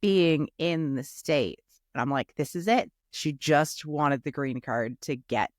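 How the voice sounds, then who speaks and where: A woman co-hosting a casual show recap, skeptical and animated as she retells scenes with quoted asides. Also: deep voice, slow, dry recording, clean studio sound. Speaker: recap podcast co-host. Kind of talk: casual chat reviewing a reality show.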